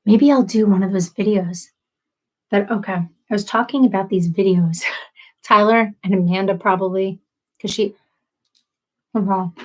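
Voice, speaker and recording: A woman's voice: medium pitch, normal speed, long pauses, darkish tone, rough recording. A woman in her thirties chatting casually with viewers on a livestream, apologetic and self-deprecating. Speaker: livestream host.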